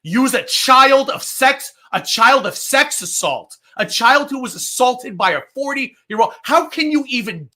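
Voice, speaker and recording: A woman's voice: high-pitched, animated, a little slow, hardly any pauses, bright, forceful tone. A woman co-hosting a livestream, ranting angrily with heavy swearing and emphatic repetition. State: angry and fired up. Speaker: streamer co-host. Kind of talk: heated livestream rant.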